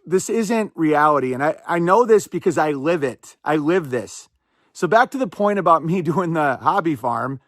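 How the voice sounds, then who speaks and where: A man's voice: a little high, fairly bright tone, dry recording, studio quality. A man hosting a podcast, giving rambling, sarcastic commentary in a casual chat style. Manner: rambling, sarcastic, quick asides. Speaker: podcast host.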